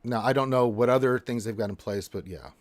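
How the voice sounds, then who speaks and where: A man's voice: mid-range voice, brisk, no echo. A man hosting a casual gaming livestream, reading chat in a blunt, emphatic, rambling manner.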